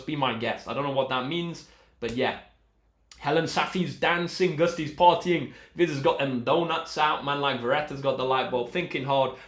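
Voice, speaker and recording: A man's voice: medium pitch, fairly bright tone. A young man tutoring maths on a live stream, chatting in an upbeat, encouraging way. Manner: upbeat and encouraging, reads out chat messages. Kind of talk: casual live-stream chat with viewers. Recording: roomy echo.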